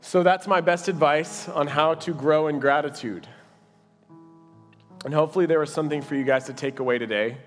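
A man's voice: on the high side, a little fast. A man preaching an earnest, personal sermon and leading a closing prayer in a church. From Dallas. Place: church sanctuary. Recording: reverberant hall with music behind.

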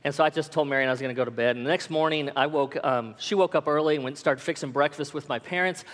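A man's voice: on the high side, fast talker, fairly bright tone, in a large hall. A man telling a humorous personal story to an audience, self-deprecating with comic timing.

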